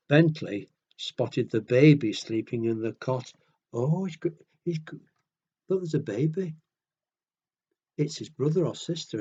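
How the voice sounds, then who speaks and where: A man reading picture books aloud to children in a gentle, chatty way, often asking the listener questions. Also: mid-range voice, slightly rough, muffled recording. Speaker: children's storyteller.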